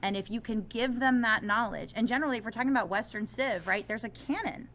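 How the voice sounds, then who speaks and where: A middle-aged woman teacher talking in an interview, animated and self-deprecating, growing impassioned as she makes her case. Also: on the high side, fast, a little hiss or hum.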